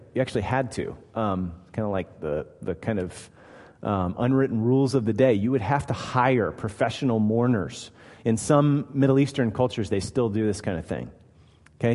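A man's voice: mid-range voice, a little mellow. A man preaching a sermon as pastor, emphatic and posing rhetorical questions to his listeners. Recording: long hall reverb.

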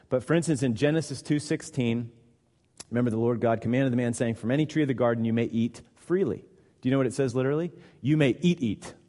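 A man's voice: medium pitch, a little mellow. A male pastor teaches in a sermon, casual and explanatory, hammering points home by repeating words. His mid-range voice carries a long reverb from a large hall. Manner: conversational teaching with emphatic repetition.

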